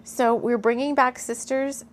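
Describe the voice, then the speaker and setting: A woman's voice: high-pitched, little pitch movement, measured pace, a little hiss or hum. Emotional woman reading a mystical story. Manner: earnest, gushing, gets emotional. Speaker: spiritual storyteller. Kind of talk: reading a channeled story aloud, with asides.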